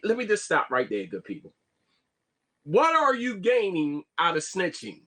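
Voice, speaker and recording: A man talks straight into his camera in a loose, rambling live-stream monologue. His fairly high voice swings up and down a lot, and he often stumbles and restarts his sentences. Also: normal speed. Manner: animated, repeats "you see what I'm saying", stammers on restarts. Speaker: vlogger.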